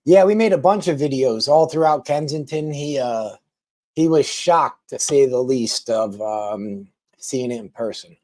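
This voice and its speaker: A man talks slowly and loosely to his live-stream viewers. His voice is mellow and dark, recorded close and dry, and he wanders through his thoughts with frequent ums and restarts. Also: mid-range voice, no room sound. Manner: rambling, many ums and restarts.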